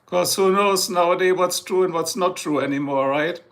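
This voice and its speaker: A man's voice: high voice, normal speed, a bit bright. A middle-aged man with a German accent, a native German speaker, rambling and joking with his chat viewers during a casual livestream.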